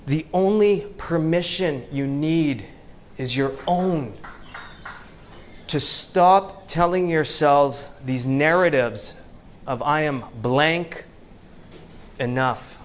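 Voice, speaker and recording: A Canadian man giving an inspirational talk to a live audience, telling stories with slow, dramatic pauses. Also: a little high, slight background noise. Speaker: motivational speaker. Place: event venue before a live audience.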